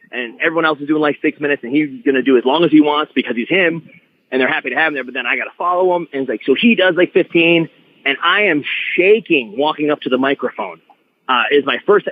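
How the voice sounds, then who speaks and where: A man with a fairly high voice tells stories as a podcast guest, tumbling through restarts as he goes. His voice comes through thin and phone-like, with the low end cut away. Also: fast talker. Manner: animated storyteller, many restarts. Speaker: guest wrestler. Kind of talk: casual podcast chat. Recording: phone-like line.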